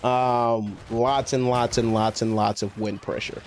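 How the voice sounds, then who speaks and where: A man with a gravelly, fry-edged voice banters through a gaming stream, teasing his co-player and swearing freely. He talks at a middling pitch over faint background noise. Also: little pitch movement, unhurried, darkish tone. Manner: teasing, profane, laughs often. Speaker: game streamer. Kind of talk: casual gaming chat.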